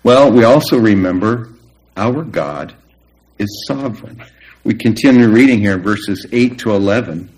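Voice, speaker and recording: A middle-aged man preaching a sermon, earnest and emphatic, with long pauses. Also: on the low side, a little mellow, rough recording. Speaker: pastor.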